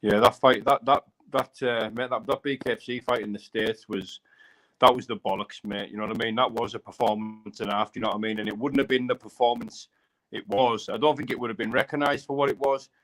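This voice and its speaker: A man's voice: mid-range voice, steady tone, fairly quick, a bit bright, low-quality recording. A man, a fighter, talking in a casual live-stream chat, enthusiastic and hyped, often adding "mate" and "you know what I mean".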